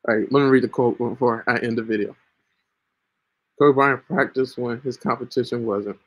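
A man teaches the Bible on his own podcast in a casual, earnest monologue, often checking in with "right?" while coughing fits interrupt him. His medium-pitched voice is husky and steady at a moderate pace. He records with a home computer mic while screen sharing.

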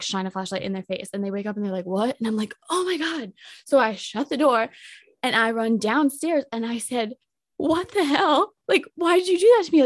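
A young woman cohosts a chatty podcast and tells a story at a quick clip, full of fillers. She acts out what people said with lively jumps in pitch. The mic sounds close and dry. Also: dry recording. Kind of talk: casual storytelling chat.

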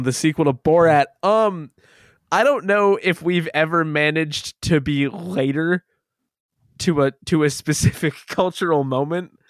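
Male podcast host, casual and self-deprecating, clear voice in a dead room. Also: a little high, dry recording, clean studio sound. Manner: rambling, self-deprecating, laughs often.

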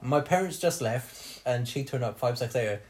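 A man on a podcast spins a long personal tale in loose, casual chat. He laughs often as he talks, and his voice sits at an ordinary middle pitch. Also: expressive, fairly quick, a little hiss or hum. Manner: laughs often while telling stories. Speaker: podcast host.

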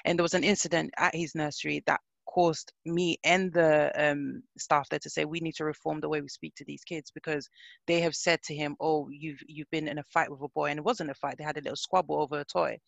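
A woman's voice: low-pitched, fairly even intonation, fairly quick, gravelly, dry recording. A woman, a podcast co-host chatting earnestly and reflectively. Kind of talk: casual chat.

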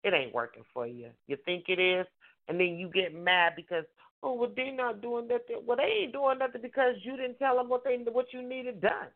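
A woman's voice: mid-range voice, a little fast. A woman life coach hosting a call-in show. She gives relationship advice emphatically, repeats her points and acts out the voices of the couples she describes. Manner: emphatic, repetitive preaching with acted-out mimicry. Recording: tinny phone-line sound.

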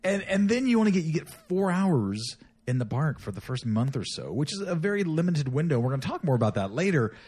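Animated, teasing podcast host man. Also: fairly high pitch, brisk, slightly rough. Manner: playful, teasing, jokey. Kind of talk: casual chat.

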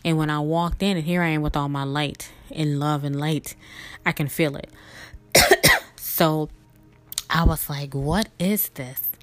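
A woman's voice: low voice, level tone, unhurried, long pauses, a bit bright. A young woman hosting a podcast, telling a spiritual story in a chatty, emotional way with laughs and fillers. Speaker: podcast host.

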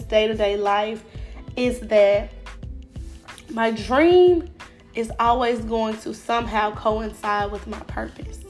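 Stuffy-voiced woman hosting a faith podcast. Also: fairly high pitch. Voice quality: casual, filler-heavy, encouraging. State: stuffy from a cold. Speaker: podcast host. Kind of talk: faith-based motivational podcast talk.

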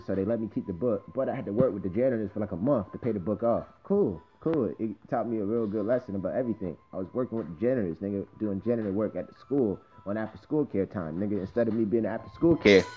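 Fast-talking, profane young man from Miami. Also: on the low side. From Miami, Florida, US. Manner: loose, profane, slangy, animated asides. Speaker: podcast host. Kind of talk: casual storytelling monologue. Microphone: phone recording.

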